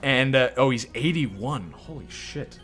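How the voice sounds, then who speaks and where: A man's voice: mid-range voice, animated, a little slow, fairly bright tone, soft background music. A young man hosting a let's play, rambling and incredulous in casual game commentary.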